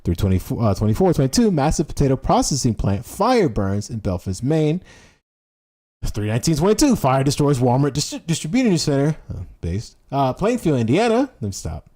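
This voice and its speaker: A political commentary streamer rants casually about politics, reading headlines aloud, stumbling over words and restarting often. He hammers his points home by repeating phrases for emphasis. His mellow, medium-pitched voice swings hugely in pitch and runs a little fast.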